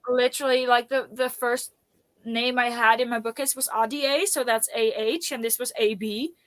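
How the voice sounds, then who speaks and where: A woman's voice: fairly high pitch, fairly even intonation, normal speed, no echo. A Dutch woman hosting a casual book live stream, rambling and restarting her sentences as she chats with friends. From Netherlands. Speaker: booktube host. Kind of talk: casual chat.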